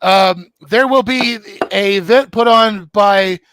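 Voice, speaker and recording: A man co-hosting a casual podcast chat, speaking in a hesitant, halting way full of fillers. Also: high voice, a bit bright, a little hiss or hum. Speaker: co-host.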